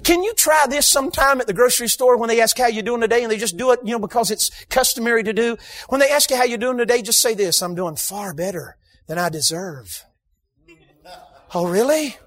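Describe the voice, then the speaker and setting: A man preaching a sermon in a church, emphatic, bursting into shouts for emphasis and slipping in humorous asides. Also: extremely high pitch, fast. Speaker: guest preacher. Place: church sanctuary.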